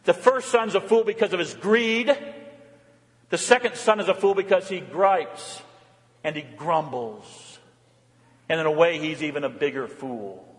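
A man's voice: fairly high pitch, unhurried, big-room sound. A male pastor preaching a sermon, exhorting his listeners with pointed rhetorical questions. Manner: rhetorical questions, exhorting, rising and falling intensity.

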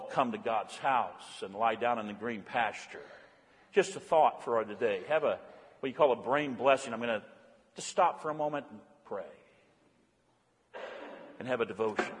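A man preaching a sermon as pastor, swinging from raised, fervent calls to hushed, soft-spoken prayer. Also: medium pitch, slightly rough. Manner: impassioned preaching, voicing God's call in a raised voice. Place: church sanctuary. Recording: long church reverb.

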